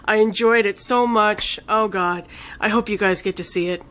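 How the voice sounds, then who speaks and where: Woman rambling, excited film reviewer. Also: mid-range voice, moderate pace. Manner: rambling, enthusiastic retelling full of "like" and "you know"; swears casually. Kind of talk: casual spoken film review.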